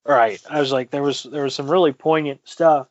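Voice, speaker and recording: A man's voice: on the high side, steady tone, brisk, no room sound, lo-fi sound. A man co-hosting a podcast in casual chat, recapping with profane jokes and quoted lines. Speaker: podcast co-host.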